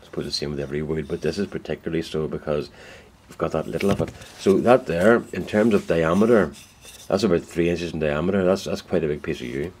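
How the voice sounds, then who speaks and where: A man's voice: rumbling low, fast talker, darkish tone, a little hiss or hum. A man, a woodturner chatting casually in his shed in a rambling, folksy way and correcting himself as he goes. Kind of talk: casual workshop vlog. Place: indoor woodworking shed.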